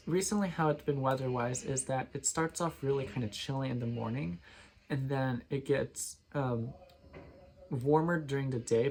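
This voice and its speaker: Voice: medium pitch, slight background noise. A person in their twenties chatting casually to camera as a vlogger, rambling with many ums and restarts. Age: 20s.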